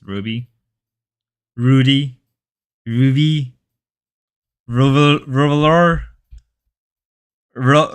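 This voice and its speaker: A man's voice: mid-range voice, a bit bright. A man whose first language is Spanish, hosting a livestream and chatting casually and jokily with his viewers, rambling and slipping into mock voices. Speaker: livestream host. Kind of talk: casual stream chat with viewers.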